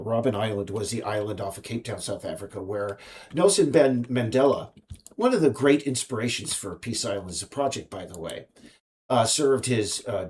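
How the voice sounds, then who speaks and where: A man's voice: fairly low pitch, darkish tone. A man, an indie game developer, talking alone in a rambling monologue, stopping and restarting often. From United States. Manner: halting, many restarts and fillers.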